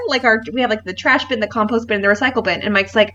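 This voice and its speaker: Woman in her thirties, podcast co-host, crisp bright tone, slightly high voice, animated storytelling, casual chat. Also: quick pace, dull audio. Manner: animated storyteller, laughs often.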